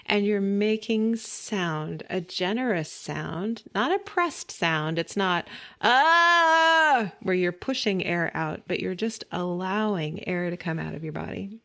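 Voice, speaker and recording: A woman voice teacher gently guiding listeners through a vocal warm-up, giving calm step-by-step instructions with light laughs. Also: medium pitch. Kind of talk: guided vocal warm-up lesson.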